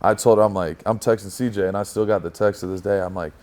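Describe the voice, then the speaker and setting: A man's voice: lowish voice, fast, slight background noise. A young man telling a story as a guest in a casual chat, swearing freely and acting out his own past lines. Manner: profane, animated storyteller.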